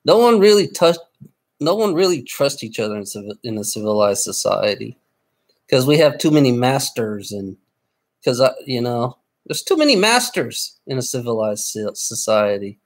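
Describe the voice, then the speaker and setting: A man's voice: mid-range voice, very animated, normal speed. A man on a live stream, ranting angrily at his chat with lots of swearing and stumbling restarts. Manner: angry, profane, repetitive, stammering restarts. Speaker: livestreamer. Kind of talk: casual live stream rant.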